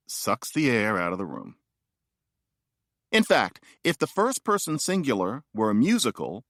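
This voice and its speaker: Male author-narrator, playful and wry, very lively intonation, dry close studio sound. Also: medium pitch, a little slow, dry recording. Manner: wry, playful, conversational asides. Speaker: author reading his own book. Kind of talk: nonfiction audiobook narration.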